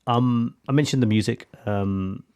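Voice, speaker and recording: A man's voice: medium pitch, unhurried, a little mellow, clear, resonant tone. A man co-hosting a podcast in casual chat, enthusiastic and full of fillers. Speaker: podcast co-host.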